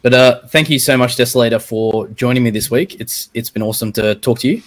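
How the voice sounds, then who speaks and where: An Australian man hosting a casual podcast interview, speaking in a hesitant, halting way. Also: mid-range voice. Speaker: podcast host.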